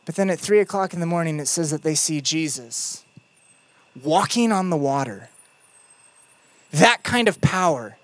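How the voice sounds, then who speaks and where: A youth pastor preaching a sermon in a conversational storytelling way, with playful asides, lively retellings and quiet, emphatic moments. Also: mid-range voice, normal speed, long pauses, no echo.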